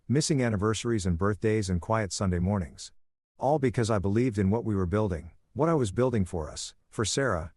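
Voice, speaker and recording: Calm, low-voiced male story narrator. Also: no echo. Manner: calm, soothing reading. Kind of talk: first-person story narration.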